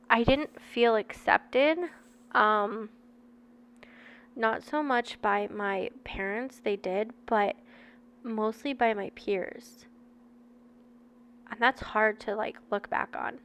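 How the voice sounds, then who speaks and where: A woman in her thirties with a fairly high voice reads a book aloud to her viewers. She breaks off often to share candid, chatty personal asides, talking straight to her audience. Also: drawn-out words, long pauses, fairly bright tone, slight background noise. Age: 30s.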